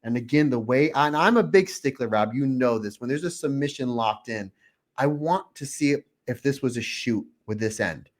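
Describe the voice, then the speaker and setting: Man, podcast co-host, casual chat, excited, emotional, acts out his own reactions, voice of ordinary height. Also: mid-range voice, moderate pace. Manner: openly emotional.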